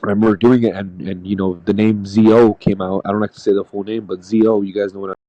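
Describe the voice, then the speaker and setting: Low, mellow man rambling a story. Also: level tone, no room sound, highs cut off. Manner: rambling, halting, peppered with "dude" and "man". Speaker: podcast panelist. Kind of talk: casual storytelling. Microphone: podcast mic.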